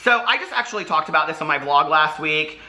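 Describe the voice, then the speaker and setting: A man with a slightly high, very bright and sharp voice speaks to camera in an apology monologue. He talks in a halting, earnest way and fills his pauses often. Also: lively intonation. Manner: halting and earnest, with many fillers. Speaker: vlogger explaining old posts.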